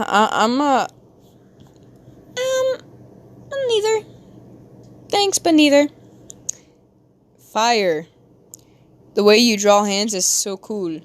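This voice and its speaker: A young woman livestreaming while she draws, chatting casually, reading chat aloud and giggling, with sudden high squeals. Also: clean tone.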